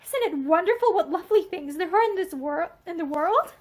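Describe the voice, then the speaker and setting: A kind, sensible young woman, soothing and matter-of-fact, as a woman reads her lines from a storybook. The voice is very high and lively. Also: a little fast.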